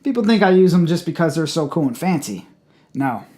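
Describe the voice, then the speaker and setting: A man casually reviewing a hot sauce on his channel, blunt and profane, with loud exclamations. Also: on the high side, sing-song, a little fast.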